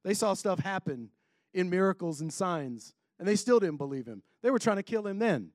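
High-voiced man preaching casually. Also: animated, moderate pace, no echo, studio quality. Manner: conversational, self-interrupting, laughs between points. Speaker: pastor or Bible teacher. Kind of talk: casual sermon reading and commenting on scripture.

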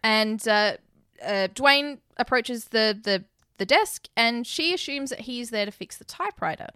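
A woman's voice: fairly high pitch, animated, a little slow, pushed and bright, clear, resonant tone, no echo, studio quality. A woman co-hosting a podcast, casually recapping a film scene by scene and acting out the characters' lines. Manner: chatty, laughs often, acts out lines from the film. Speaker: podcast co-host.

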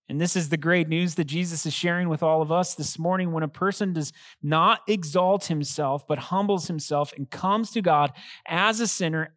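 A man, a pastor, preaching a sermon in an earnest, emphatic way, slowing down to stress key phrases. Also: fairly high pitch, no room sound.

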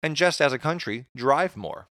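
Lively, bright-voiced Canadian man. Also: fairly high pitch, normal speed, no room sound, studio quality. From Atlantic Canada. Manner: reads notes, jokey asides. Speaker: podcast co-host. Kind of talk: casual chat, reading facts aloud.

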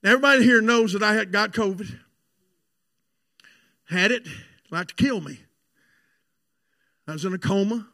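A pastor preaching a sermon and telling a personal story, fervent and confiding by turns. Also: male voice, high voice, normal speed, long pauses, no echo. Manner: fervent, swings between shouted preaching and hushed confiding storytelling.

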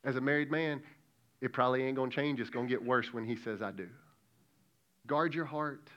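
A man's voice: medium pitch, a little fast, dull audio. A man in his thirties preaching a sermon as pastor, passionate and folksy, calling out to the congregation.

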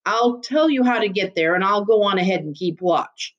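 A woman's voice: medium pitch, expressive, normal speed, muffled recording, lightly acted. Woman doing a terse impatient stranger. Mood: tight. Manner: clipped, tight. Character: terse, impatient man in a yellow suit.

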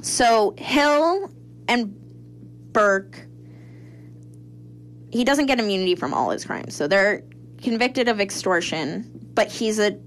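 A woman's voice: medium pitch, slow pace, pauses often, a little hiss or hum. A young woman co-hosting a casual chat, retelling a crime story with swearing and acted-out voices. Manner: animated, acts out quoted people, swears freely. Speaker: podcast host.

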